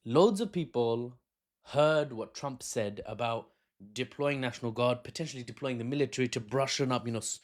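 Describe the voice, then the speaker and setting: A man, talking as a political analyst in an unscripted video, chatty and laughing often at his own asides, recorded on a phone camera. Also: medium pitch. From Britain.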